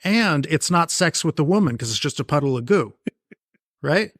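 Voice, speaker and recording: Podcast co-host, man, mid voice, halting and sardonic, dry close mic. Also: a little high, expressive, a bit bright, no echo. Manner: stammering, dry sarcastic asides. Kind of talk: casual chat.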